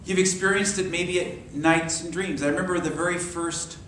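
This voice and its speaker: A man leading a sermon-style class in a church, telling stories with lively quoted voices. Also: high voice, normal speed, slight background noise. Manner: animated storyteller, acts out quoted voices. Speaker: minister. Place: church hall. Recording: echoey hall from far off.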